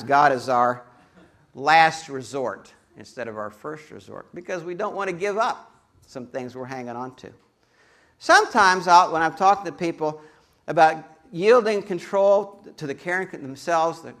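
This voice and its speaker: A man preaching a sermon as a pastor, an animated storyteller who acts out quoted voices and adds humorous asides. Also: a little high, moderate pace.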